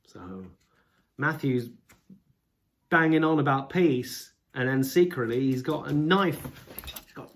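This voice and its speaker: A man's voice: a little high, lively intonation, slow pace, creaky, pauses often. A man casually musing aloud at home while reading scripture passages, rambling and self-deprecating. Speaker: video creator.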